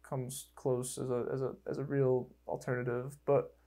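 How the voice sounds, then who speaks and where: A young man hosting a podcast in casual chat, rambling and excitable, with lots of fillers and swearing. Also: mid-range voice, moderate pace. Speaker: podcast host.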